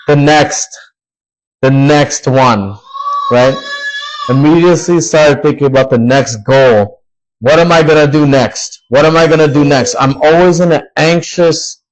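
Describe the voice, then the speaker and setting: A young man speaks slowly and earnestly on his solo podcast. He pauses often and leans into each word. His voice sits at a middle pitch for a man. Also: poor audio. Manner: slow, earnest, emotional and pausing. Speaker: podcast host. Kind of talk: reflective solo podcast talk.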